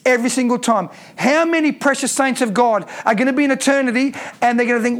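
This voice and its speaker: A man preaching a sermon in a strikingly high voice. He drives his points home by repeating key lines with emphasis. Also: a little fast, hardly any pauses.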